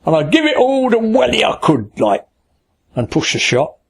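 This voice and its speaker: A man's voice: high voice, wildly swooping pitch, moderate pace, vocal fry. An older man, recounting his life story in an interview in a colloquial, anecdotal way. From England (Kent). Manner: storytelling, acts out past dialogue; colloquial, with frequent "I said" and "like".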